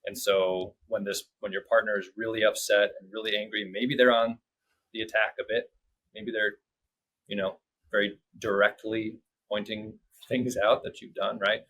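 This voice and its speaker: A man's voice: lowish voice, level tone, moderate pace, fairly bright tone, rough recording. A man hosting an interview, asking thoughtful questions in a conversational way, often adding "like" and "right?". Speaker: podcast host.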